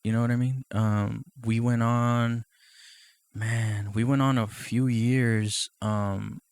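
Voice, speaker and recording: A man's voice: medium pitch, flat delivery, slow, darkish tone, clear, resonant tone, no echo. A man hosting his own podcast in a casual, profane, rambling monologue, often laughing and asking "you know what I mean". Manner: laughs often between thoughts. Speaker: podcast host.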